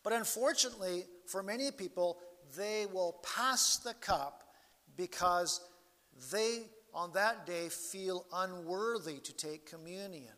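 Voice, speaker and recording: Slow, earnest male preacher in a reverberant hall. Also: high-pitched. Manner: slow, earnest preaching with sweeping rises and drops in loudness. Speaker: pastor. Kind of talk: sermon.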